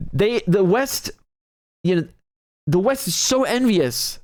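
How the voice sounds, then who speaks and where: A man's voice: high voice, expressive, very slow, no echo, studio quality. A man giving heated, emphatic political commentary on a video clip, laughing often. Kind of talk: reaction commentary.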